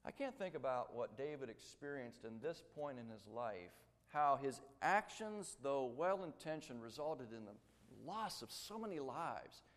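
A man preaching a sermon, telling a story with dramatic swings between loud emphasis and hushed tones. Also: medium pitch, sing-song, unhurried, long reverb tail.

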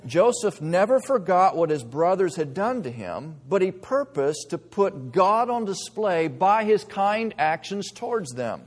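A man preaching a sermon as pastor, earnest, moving between quiet reflection and emphatic stress. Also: high voice, sing-song, a little slow, few pauses. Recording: long reverb of a large hall.

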